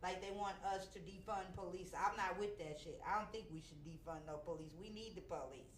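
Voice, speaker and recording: A woman's voice: fairly low pitch, a little fast, roomy sound, slight background noise. A middle-aged woman in casual chat, blunt and profane with strong opinions.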